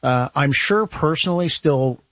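A male communications consultant speaks as the regular guest on a morning radio segment, thinking out loud, restarting phrases and breaking into small laughs. His voice sits in a middle range, recorded dry and a little muffled, like broadcast audio. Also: on the high side, animated, normal speed, no echo. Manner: conversational, analytical, with frequent restarts and little laughs. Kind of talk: casual talk radio commentary.

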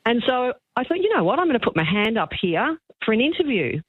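A woman's voice: on the high side, sing-song, husky, no room sound. An older woman phones in to talk radio, her voice thin and tinny down a dry phone line. She is moved, and her chatty story keeps stopping and starting. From Australia. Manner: chatty, halting, with many restarts. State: emotional. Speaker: caller, magazine journalist. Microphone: telephone.

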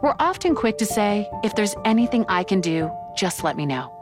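Expressive woman reading a promo over music. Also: medium pitch, normal speed. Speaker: ad announcer. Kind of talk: scripted promo read.

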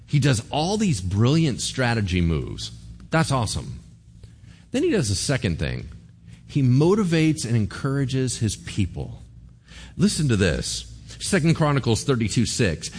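A male preacher retelling a story with lively, animated swings in pitch. His delivery is conversational and playful, with a mid-range voice. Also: normal speed, slightly rough. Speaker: pastor. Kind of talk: sermon.

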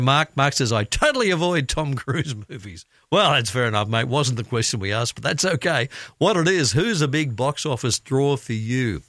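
A man's voice: mid-range voice, no room sound, studio quality. An Australian man hosting afternoon radio, chatting and laughing as he reads out listener comments. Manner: chatty, laughs often, lively delivery. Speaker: radio presenter. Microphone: studio microphone.

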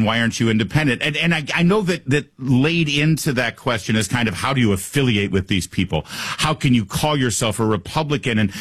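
A man's voice: mid-range voice, a bit bright, no room sound. A man hosting a talk radio show, speaking into a studio microphone in a sarcastic, opinionated monologue full of rhetorical questions.

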